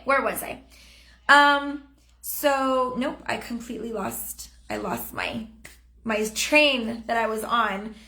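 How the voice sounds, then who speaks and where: A woman's voice: a little high, a bit bright, roomy sound. Upbeat woman coaching on a home live stream. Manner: chatty, upbeat, acts out sample messages. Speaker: direct sales trainer. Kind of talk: live-stream training talk. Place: home room. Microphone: phone or webcam on a live stream.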